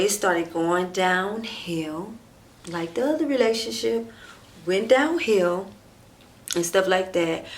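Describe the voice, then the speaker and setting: A woman telling a personal story on her vlog, talking straight to her viewers with lots of "like" and "and stuff", acting out what people said and dropping to a hushed near-whisper at tense moments. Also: on the low side, gravelly, a little hiss or hum. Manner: animated, talks straight to viewers and acts out quoted dialogue; drawn-out fillers and frequent "like", "and stuff". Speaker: storytime vlogger. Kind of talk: casual storytime chat.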